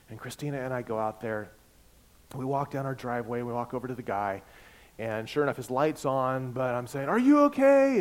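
A male pastor preaches conversationally and tells his story easily. His voice sits at an ordinary middle pitch and swings between loud and soft. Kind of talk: sermon with personal anecdote.

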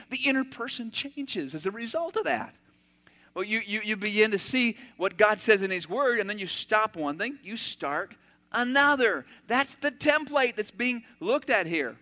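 An older man preaching a sermon, animated and acting out everyday scenes with sudden loud outbursts. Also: high voice. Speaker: pastor.

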